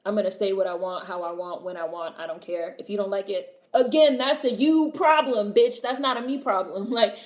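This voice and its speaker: A woman's voice: lowish voice, steady tone, brisk, few pauses, echoey room. A young adult woman hosting a livestream, reading chat and chatting casually in a blunt, sassy way, swearing freely and repeating her punchlines.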